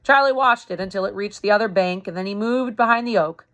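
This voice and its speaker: A woman reading a historical novel aloud in an even, everyday voice at a middling pitch. Between passages she slips into loose, chatty explanations aimed at young listeners, correcting herself and rereading when she stumbles. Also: quick pace. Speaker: reader for a youth club.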